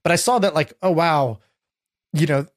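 A man's voice: fairly high pitch, moderate pace. A young man telling stories in casual conversation, rambling with lots of filler words and restarts.

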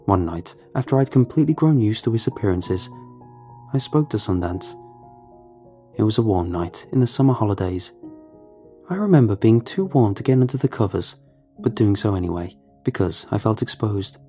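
A man narrating a first-person horror story in a calm, measured, low-key way. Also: faint music behind.

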